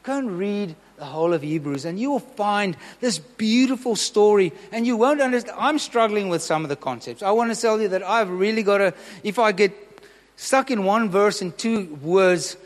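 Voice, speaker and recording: A man's voice: high-pitched, expressive, moderate pace, big-room sound. A man preaching a sermon, earnest and emphatic, asking the congregation questions.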